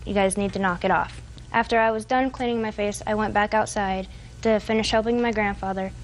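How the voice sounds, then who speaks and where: A woman's voice: medium pitch, fairly even intonation, a little fast, a little hiss or hum. A woman in her twenties testifying as a defendant in a TV courtroom, telling a long, hesitant, rambling account. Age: 20s.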